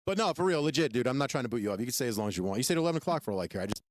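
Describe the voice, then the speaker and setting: A man from New Jersey hosting a gaming podcast, talking fast and emphatically. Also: mid-range voice, animated. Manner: fast, emphatic, swears freely. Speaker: podcast host. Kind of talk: casual podcast chat.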